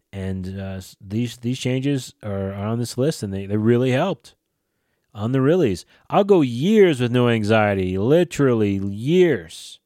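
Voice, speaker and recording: A man's voice: medium pitch, mellow, no echo, clean studio sound. A man in his forties hosting a solo podcast, talking casually and rambling, with plenty of swearing, fillers and restarts. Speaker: podcast host.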